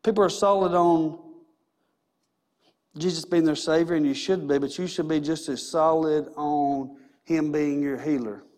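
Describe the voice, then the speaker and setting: A man's voice: fairly high pitch, fairly even intonation, measured pace, a little mellow. A man preaching a sermon in a church, emphatic and repetitive, with many rhetorical questions. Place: church sanctuary.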